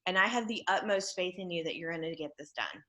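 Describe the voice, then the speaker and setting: A woman teaching a junior high class over a video call, upbeat and encouraging, playfully coaxing her students. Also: fast, fairly bright tone.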